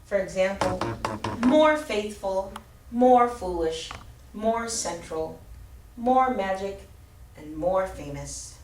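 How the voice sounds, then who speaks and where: Woman, grammar teacher, slow deliberate delivery, distant mic in a roomy space. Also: mid-range voice, animated, a little mellow, slight background noise. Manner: slow, clear teacherly explanation with spelled-out letters. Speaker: ESL teacher. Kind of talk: grammar lesson.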